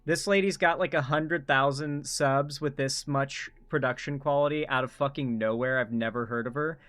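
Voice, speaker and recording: A man's voice: mid-range voice, steady tone, normal speed, a bit bright, faint music behind. A man hosting a casual reaction commentary, blunt and swearing, rambling with restarts. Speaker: commentary host.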